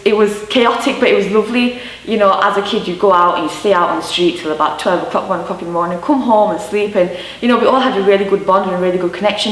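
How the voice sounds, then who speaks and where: A woman in her twenties with a Yorkshire accent, chatting candidly about growing up, with lots of "you know" and "um". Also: mid-range voice. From Yorkshire, England. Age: 20s. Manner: chatty, warm storytelling with many fillers. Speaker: interviewee. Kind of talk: candid personal recollection. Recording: roomy sound from a mic at a distance.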